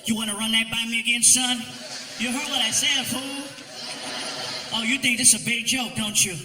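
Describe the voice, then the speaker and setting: A gruff veteran male traffic cop, as a comedian puts him on, drawling his orders with easy authority. The voice sits high and sounds bright and edgy. It rings out through a big live hall with faint music underneath. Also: steady tone, normal speed, exaggerated voice. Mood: menacing. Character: seasoned older male traffic cop, amused and stern. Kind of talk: stand-up act-out.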